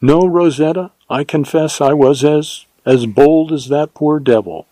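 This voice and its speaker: A man's voice: a little high, mellow, no room sound, pitched above the performer's own voice, close to an everyday voice. A man voicing a devoted Texas ranger in a read-aloud western, speaking earnestly and a little huskily. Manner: earnest, husky, slow.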